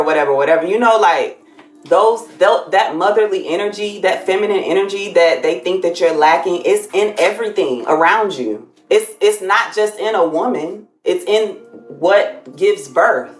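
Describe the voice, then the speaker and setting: A woman's voice: on the low side, reverberant. A woman co-hosting a casual live stream, musing in loose, rambling thoughts. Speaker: livestream co-host.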